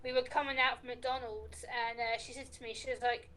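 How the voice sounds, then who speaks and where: A woman's voice: fairly high pitch, level tone, a little fast, sharp tone, rough recording. A woman guest telling stories in casual chat, acting out the conversations she recounts. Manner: chatty, recounts talks with lots of quoted dialogue.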